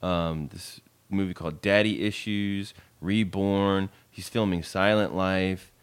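A man co-hosting a casual movie recap podcast, joking and slipping into quick character voices. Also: deep voice, clean tone. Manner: animated, jokey, does quick voices of characters. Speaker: podcast co-host.

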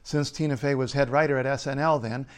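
A man, a linguist, reading a scripted explainer in a measured, playful way. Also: mid-range voice, fairly even intonation, clear, resonant tone. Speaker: linguist and writer.

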